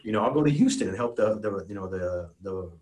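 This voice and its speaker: A retired American helicopter pilot telling a war story as a podcast guest, earnest and emotional, with many restarts and "you know"s. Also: male voice, lowish voice, animated, brisk, darkish tone. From United States. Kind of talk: casual spoken storytelling.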